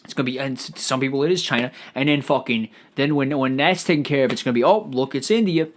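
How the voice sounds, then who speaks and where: A man hosting a solo comedic podcast, riffing out loud in a profane, stammering ramble. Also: medium pitch, fairly even intonation, quick pace. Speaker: podcast host.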